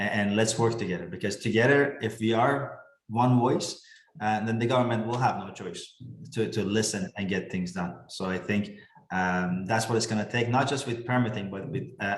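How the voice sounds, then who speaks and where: A man's voice: fairly low pitch, reverberant, low-quality recording. A man on a webinar panel, making an earnest rallying appeal with many fillers. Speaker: industry panelist.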